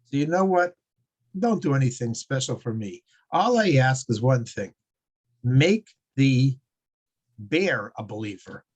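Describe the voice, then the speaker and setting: A man's voice: mid-range voice, sing-song, unhurried. A man voicing a frightened atheist man who bargains with God in a joke. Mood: pleading.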